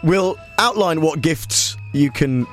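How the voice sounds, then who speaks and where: A man hosting a comic talk radio show in a deadpan, mock-serious way. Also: a little high, slow pace, faint music behind. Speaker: radio host.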